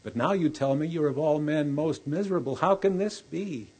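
A man voicing an immortal stranger who grants wishes and asks measured, probing questions. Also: a little high, darkish tone, slightly rough. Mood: questioning.

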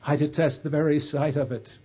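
Man voicing a grieving old king, remorseful, earnest, pleading, dark mellow tone, husky. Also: fairly high pitch, fairly even intonation, brisk.

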